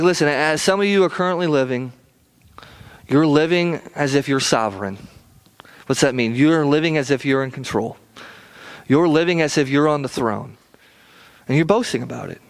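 Earnest male preacher, stammering restarts. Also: a little high. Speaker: pastor. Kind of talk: sermon.

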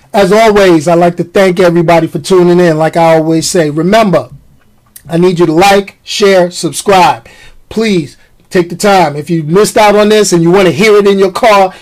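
On a rough recording, a high-voiced man runs his own podcast, speaking animatedly to his audience in a casual rant sprinkled with slang.

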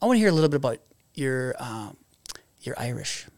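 A man's voice: medium pitch, big pitch swings, racing, darkish tone, dry recording. A man hosting a podcast, asking questions in a laid-back, friendly, casual way. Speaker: podcast host. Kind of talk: casual interview chat. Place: podcast studio.

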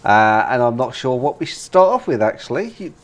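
A man with a British accent co-hosting a casual gaming podcast, animated and laughing often as he talks. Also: medium pitch, brisk. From Britain. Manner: animated, laughs while talking, many fillers. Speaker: podcast co-host.

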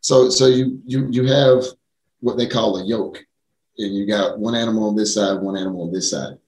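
A man's voice: on the low side, steady tone, moderate pace, darkish tone. A man chatting casually, explaining his views thoughtfully with down-to-earth examples. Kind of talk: casual chat. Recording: roomy echo.

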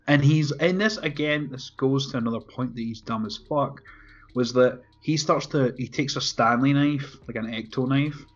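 In dull lo-fi audio with faint background music, a man with a medium-pitched voice and an ordinary pace chats about a movie on a podcast. He curses frequently, laughs a lot, and stays animated while recounting scenes.

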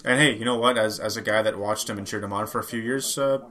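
A man co-hosting a casual sports chat, talking in a relaxed way with wry side comments and frequent restarts. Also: lowish voice, fast talker. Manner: laid-back, wry asides, hesitant restarts. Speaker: podcast co-host.

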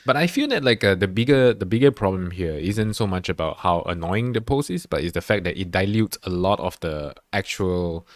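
Low-voiced man on a dry podcast mic. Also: animated, brisk, few pauses, no room sound. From Singapore. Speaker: podcast co-host. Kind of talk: casual chat.

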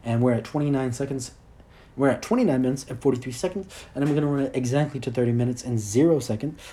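A man's voice: medium pitch, fast, mellow. Rambling, crude young podcast host man. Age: 20s. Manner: rambling, self-deprecating, crude. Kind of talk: solo podcast monologue.

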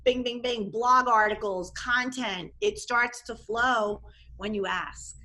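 A woman life coach talking casually in an interview, animated and expressive, often acting out what she and others said. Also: a little high, slow. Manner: animated and expressive, acts out quoted voices.

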